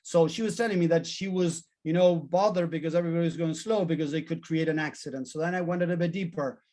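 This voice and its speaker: Give me a high-voiced man teaching a live therapy class, emphatic and animated. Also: quick pace. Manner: animated, emphatic, repeats key words in lists. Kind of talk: live training lesson.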